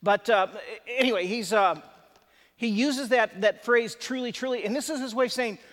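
A man's voice: very high-pitched, moderate pace, fairly bright tone. A man preaching a sermon to a live congregation, conversational and emphatic, with chatty asides. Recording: long hall reverb.

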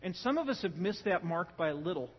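A man preaching a sermon as pastor, telling a joke and then driving home his point with loud, emphatic bursts and quiet stretches. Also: sits high, brisk, slightly rough. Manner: animated, joking storyteller who swings from loud emphasis to quiet. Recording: dull lo-fi sound with long hall reverb.

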